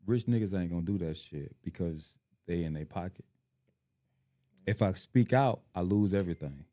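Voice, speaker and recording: A man's voice: deep voice, normal speed, mellow. A man co-hosting a podcast in laid-back, profane casual chat.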